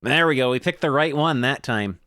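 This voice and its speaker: A man's voice: mid-range voice, normal speed, sharp tone, dry recording, clean studio sound. A man streaming a video game, reading its text aloud and adding wry, self-amused comments.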